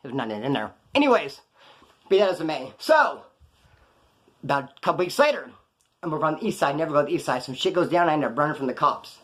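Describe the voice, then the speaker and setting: A man rattles off his stories at a quick clip in a slightly raised voice. He talks in rough street slang, casual and rambling, to the camera. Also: on the high side, big pitch swings, a bit bright. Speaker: former prisoner telling stories.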